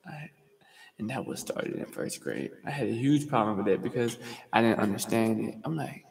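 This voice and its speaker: A young man from Georgia hosting a livestream, telling rambling, profane stories in slangy, fast casual talk. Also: medium pitch, vocal fry, darkish tone. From US state of Georgia. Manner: fast talker. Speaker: livestream host. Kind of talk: casual storytelling monologue. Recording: roomy with long reverb.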